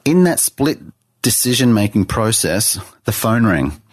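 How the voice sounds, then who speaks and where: Low-voiced man telling his story. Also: sing-song, measured pace, breathy edge, dry recording, studio quality. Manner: earnest storyteller with frequent restarts. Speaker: guest artist. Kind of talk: personal testimony in a podcast interview.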